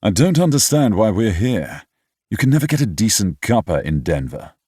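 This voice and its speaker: A man's voice: deep voice, animated, moderate pace, a little mellow, husky, no echo, clean studio sound, full character voice. A man reading an audiobook voices a snobbish, wry British father who grumbles in a clipped, proper way. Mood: grumbling. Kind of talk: audiobook character voice.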